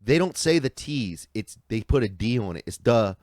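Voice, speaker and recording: A man's voice: mid-range voice, animated, normal speed, a little mellow, no echo, studio quality. A man telling stories in a casual podcast chat, laid-back and profane.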